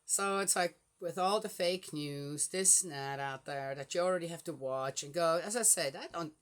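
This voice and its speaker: An older woman, a grandmother, chatting casually and rambling through a story with many fillers, getting animated and exasperated. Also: low voice, moderate pace. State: flushed from a hot flash. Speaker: Bible reading podcaster. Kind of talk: casual chat.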